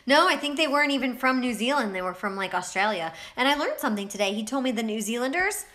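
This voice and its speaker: A woman's voice: fairly high pitch, animated, quick pace, sharp tone. A young woman co-hosting a casual livestream, laughing often as she reads viewer comments aloud. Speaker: livestream co-host reading chat.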